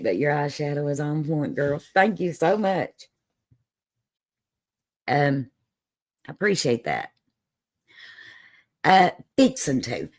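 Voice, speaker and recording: A woman's voice: lowish voice, a little mellow. A woman with an Appalachian Southern accent hosting a livestream, chatting in a folksy, sassy way and laughing often. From Southern United States, Appalachian holler. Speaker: livestream host. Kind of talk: casual chat on a livestream.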